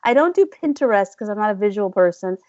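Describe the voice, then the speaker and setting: A woman's voice: medium pitch, animated, fast, darkish tone, no echo. A woman author, a guest on a podcast, chatting playfully and laughing a lot. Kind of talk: casual interview chat. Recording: dull, dry lo-fi audio.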